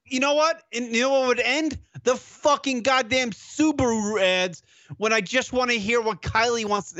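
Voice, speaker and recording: Co-hosting a call-in internet radio show, this man rants animatedly and swears a lot amid casual banter. His voice is very high-pitched, with no echo and the high frequencies cut off.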